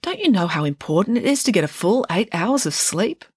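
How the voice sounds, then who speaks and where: A woman's voice: mid-range voice, very animated, a little fast, darkish tone, husky, no room sound, studio quality, pitched above the performer's own voice. A woman voicing a dreamy, sleepy schoolgirl in a storybook reading, chatting in an airy way.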